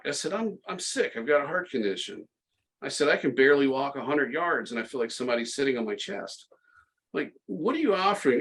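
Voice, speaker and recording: A man's voice: medium pitch, fairly bright tone, a little hiss or hum, rough recording. Middle-aged male guest, casual sardonic storyteller, ordinary mid-range voice, stop-start delivery. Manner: sarcastic, tongue-in-cheek, many restarts. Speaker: podcast guest.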